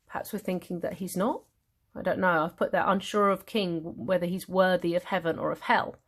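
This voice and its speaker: Chatty British woman tutoring. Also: lowish voice. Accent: British English. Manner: thinks aloud, chatty and self-correcting; reads verse lines slowly, counts syllables aloud. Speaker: English literature tutor. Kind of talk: revision lesson, annotating a text.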